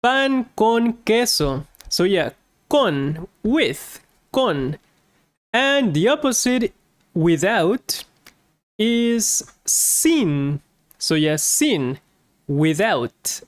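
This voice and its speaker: A woman's voice: mid-range voice, sing-song, drawn-out words, no room sound. A woman teaching words in a lesson, repeating each word with chatty asides. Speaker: Spanish teacher. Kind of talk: slow language lesson.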